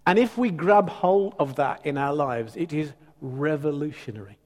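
A male preacher delivers a sermon in a conversational, teasing style with emphatic turns. His voice sits fairly high for a man. The sound carries a long reverb from a church hall. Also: normal speed, darkish tone.

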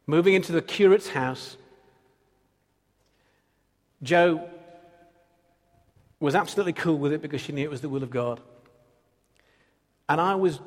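Earnest male preacher, slightly high voice, long church reverb. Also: measured pace, long pauses. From Britain. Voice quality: earnest, builds through repeated phrases. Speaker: pastor. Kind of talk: sermon.

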